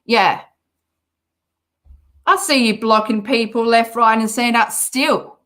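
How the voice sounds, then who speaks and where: Australian woman, high voice, unhurried, sarcastic, swearing reaction commentary. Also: fairly bright tone. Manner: sarcastic, mocking, swears often. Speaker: commentary channel host.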